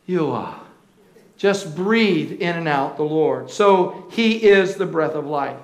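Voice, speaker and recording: In a church sanctuary whose roomy hall makes the sound ring, a high-voiced male pastor preaches animatedly. He prods the congregation for call-and-response, at times drawing words out in slow, full-volume shouts, then dropping to soft, breathy, near-hushed asides.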